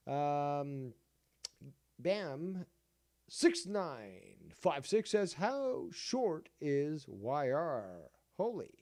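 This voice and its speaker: A man's voice: mid-range voice, dark tone, clean tone, no echo. A man hosting a livestream, rambling in casual commentary with lots of fillers and swearing. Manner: rambling, profane, many fillers. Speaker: livestream host.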